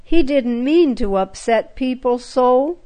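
A woman narrates a children's Bible story in a gentle, measured way. Her voice sits a little high, and she takes her time over every phrase. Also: animated.

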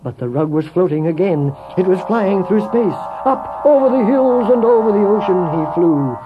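A man narrating a children's story in an expressive voice that swells with feeling. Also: high-pitched, normal speed. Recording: tinny phone-like with faint music.

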